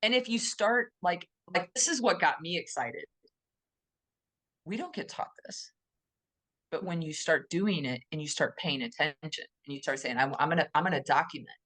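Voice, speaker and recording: A woman co-hosting a podcast in casual conversation, enthusiastic and animated, often acting out little quoted voices. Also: low voice, moderate pace. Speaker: podcast co-host.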